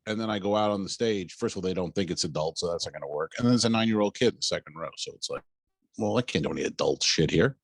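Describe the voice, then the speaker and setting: A man's voice: low-pitched, fast, no room sound. A man who is a comedian and podcast host, telling stories in a casual chat, swearing and acting out dialogue. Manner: animated storyteller, swearing, acts out dialogue.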